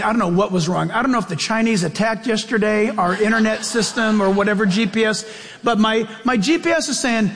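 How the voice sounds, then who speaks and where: High-voiced man preaching in a reverberant hall. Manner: emphatic, conversational, self-deprecating asides. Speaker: pastor. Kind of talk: sermon.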